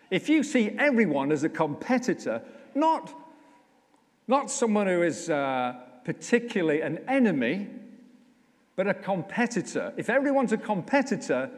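A man preaching as vicar, his voice a little high and full of rising and falling pitch. He talks to the congregation in a chatty, humorous way, slowing down to drive points home. The sound rings in a church hall. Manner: conversational, humorous, slows down for emphasis. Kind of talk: sermon. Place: church, indoors.

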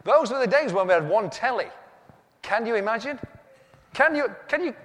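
Man, preacher, high voice, swooping pitch, comic sermon story, long echo of a big hall. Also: moderate pace. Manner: animated, self-mocking, acts out dialogue. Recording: echoey hall with long reverb.

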